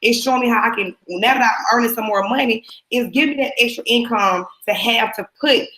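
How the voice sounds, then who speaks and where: A woman speaking upbeat and excited as a panel speaker on a conference call. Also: on the high side, brisk, reverberant, rough recording. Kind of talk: motivational talk on a conference call.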